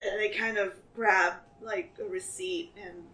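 A woman's voice: medium pitch, steady tone, measured pace, bright, forceful tone. A woman playing a tabletop role-playing game, describing her character's actions casually with frequent laughs and fillers. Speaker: player. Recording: echoey room, distant mic, faint hiss.

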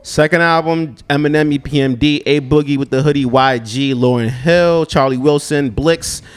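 A man's voice: a little high, steady tone, moderate pace, smooth. A man in a casual debate, laid-back and full of slang, often repeating himself. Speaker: podcast co-host.

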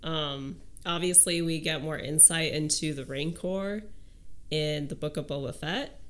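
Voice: medium pitch, measured pace, a bit bright. A podcast co-host chatting casually in an easygoing, agreeable way. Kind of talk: casual chat.

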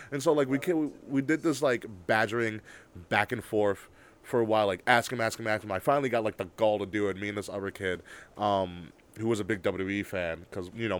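A young man chatting casually as a podcast co-host, telling an excited story with lots of swearing and bursts of loud laughter. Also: fairly low pitch. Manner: excitable storyteller, swears a lot, shouts when worked up. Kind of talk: casual chat.

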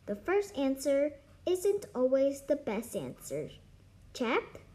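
A woman's voice: sits high, huge pitch swings, slow pace, dark tone, full character voice. A woman reading a story aloud, voicing an eccentric, showy male library owner who speaks grandly.

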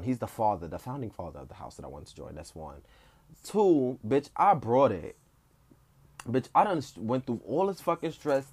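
A man in his twenties telling an animated, profane story about competing at a ballroom event, full of ballroom slang. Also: mid-range voice, no echo.

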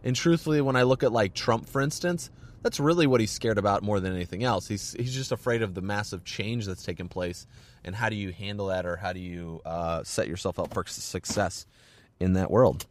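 A man's voice: lowish voice, a little fast. A man in his thirties hosting a casual solo podcast, rambling with lots of "like" and restarts. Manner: rambling, filler-heavy, many restarts. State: hiccups. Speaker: podcast host.

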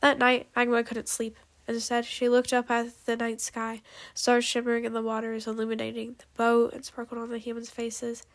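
A woman reading her story aloud in an amateur storybook reading, unhurried, with small slips and restarts. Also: on the high side, completely flat delivery. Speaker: narrator.

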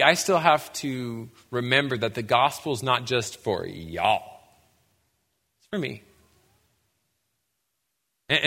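A young man preaching a sermon as a pastor, telling lively stories and breaking into shouts to act out scenes. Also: medium pitch. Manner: animated storytelling, bursts into shouts when acting out scenes. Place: church sanctuary. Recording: long hall reverb.

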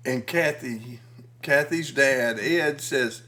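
A man's voice: medium pitch, a little slow, fairly bright tone. A middle-aged man telling a family story as a podcast co-host in casual chat, folksy and crude, teasing the others.

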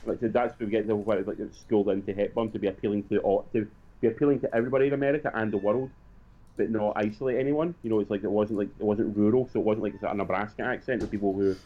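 Fast-talking man on a tinny line. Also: on the low side, steady tone. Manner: rapid, repeats words when restarting. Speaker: podcast co-host. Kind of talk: casual film review chat.

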